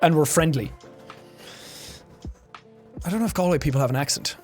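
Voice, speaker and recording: A man's voice: fairly high pitch, a little mellow, soft background music. An Irish man streaming live, chatting casually and ranting with swearing and laughter. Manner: profane, ranting, quick to laugh.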